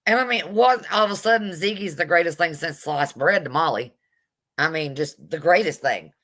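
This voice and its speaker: A woman streaming her casual commentary on a video, blunt, sassy and quick to swear. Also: low voice, fairly bright tone.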